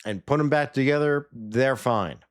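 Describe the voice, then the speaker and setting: A man casually recapping a TV episode, sarcastic and animated, sometimes mimicking the characters. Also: medium pitch, normal speed. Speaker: TV episode reviewer.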